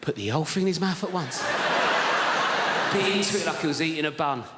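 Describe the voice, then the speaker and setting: A man doing stand-up crowd work on a theatre stage, teasing the audience with quick-witted banter. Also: fairly high pitch, expressive, heavy background noise. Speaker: stand-up comedian. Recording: live theatre hall with loud crowd.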